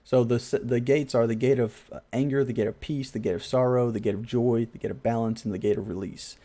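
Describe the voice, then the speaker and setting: A man's voice: mid-range voice, fairly even intonation, fairly quick, warm tone. A man hosting a casual gaming podcast, thinking aloud in a loose, rambling, self-deprecating way. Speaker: podcast host.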